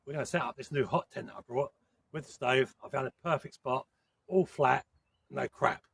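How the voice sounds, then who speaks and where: A man's voice: mid-range voice, normal speed, gravelly, slight background noise. A man, talking bluntly and casually as he sets up camp outdoors in a woodland for his vlog. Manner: blunt, plain-spoken. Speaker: camping vlogger.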